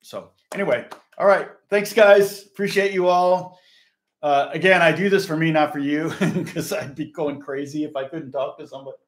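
Older male guitar teacher, somewhat high-pitched, loose rambling chat to viewers, roomy echo. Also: fairly even intonation, moderate pace. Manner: rambling, chatty, answers viewers' comments. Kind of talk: casual live-streamed guitar lesson. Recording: echoey room with guitar playing.

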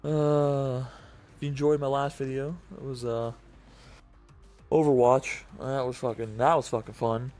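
A man's voice: mid-range voice, steady tone, unhurried, darkish tone, soft background music. A tired young man hosting casual gameplay commentary, profane and cranky, swearing constantly. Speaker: gaming channel host.

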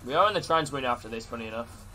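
A man's voice: mid-range voice, animated, very fast, pushed and bright, faint music behind. A man live-streaming a football video game, calling the play and greeting his chat viewers. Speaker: gaming streamer.

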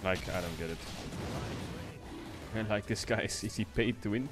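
A man's voice: on the low side, normal speed, music in the background. A young man streaming a video game and commenting live, exasperated with his teammates, swearing and laughing in disbelief.

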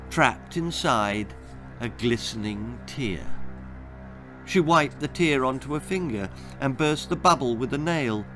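A middle-aged man narrating his own children's story in an expressive, dramatic way. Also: fairly high pitch.

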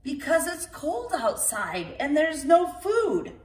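A woman's voice: high voice, huge pitch swings, slow pace, voice pushed up, full character voice. A woman doing a grumpy old tortoise father. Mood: grumbling. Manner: dismissive, scolding. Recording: roomy, from far off.

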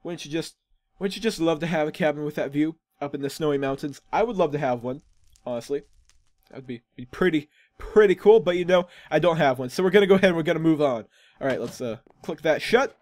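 A man chats his way through a game, rambling and amused at himself. His voice sits a little high for a man and sounds dry and close to the mic. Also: animated, fast talker, darkish tone, no room sound. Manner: chatty, rambling, self-amused. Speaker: gaming channel host. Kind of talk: casual gameplay commentary.

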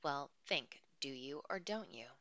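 A woman reading the lines of a firm, practical woman who rescued a boy from a river, in a clear, low-pitched, crisp voice. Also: animated, unhurried, sharp tone, no echo, lo-fi sound, full character voice. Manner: firm but not nasty, plain and practical. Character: tall firm adult woman rescuer in the wild.

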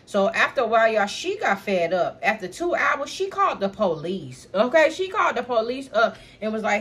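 A young woman vlogger telling a casual, animated storytime in slang, talking straight to her viewers. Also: a little high, normal speed, husky.

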